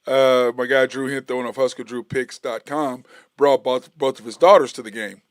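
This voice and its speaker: A middle-aged man talks sports in a loose, rambling way, full of fillers and restarts. His voice sits at an ordinary middle pitch. The sound is dry and close, with no room echo. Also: normal speed. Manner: animated storytelling, gets heated and loud when retelling a confrontation. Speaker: sports podcast host. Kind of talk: casual solo sports talk.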